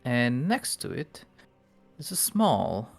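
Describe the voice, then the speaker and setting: Male game master, gravelly voice, slow deliberate pacing, faint music behind. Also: mid-range voice, sing-song. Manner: unhurried, pauses to look things up. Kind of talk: narrating a tabletop game.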